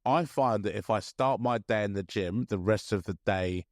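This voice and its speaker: A man in his thirties co-hosting a podcast in casual chat, chatty and quick to laugh. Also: fairly low pitch, no room sound, studio quality. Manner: chatty, laughs often, restarts sentences. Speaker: podcast co-host.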